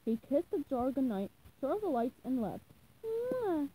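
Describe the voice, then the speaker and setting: A woman reading a children's novelization aloud in a lively, expressive way. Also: sits high, normal speed, slight background noise, poor audio. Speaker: reader. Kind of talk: storybook reading.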